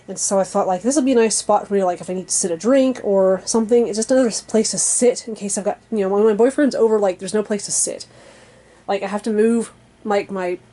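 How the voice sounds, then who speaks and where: A young woman vlogging from her basement bedroom in a rambling, frank, casual chat, full of fillers and soft laughs. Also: medium pitch. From American Midwest or South region. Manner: frank and chatty, laughs softly between thoughts.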